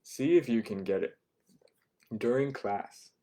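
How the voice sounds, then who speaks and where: Patient man explaining phrases to beginner students, repeating them slowly and checking in with the class. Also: medium pitch, dark tone. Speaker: Japanese language teacher. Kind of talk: online beginner language lesson.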